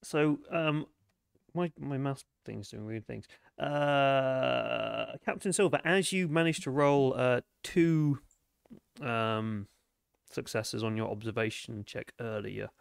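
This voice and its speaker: A man runs a tabletop game over a call in a gravelly, mid-pitched voice. He narrates in a relaxed, halting way and fills the pauses with ums. The sound is dry and close. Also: dry recording. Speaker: game master.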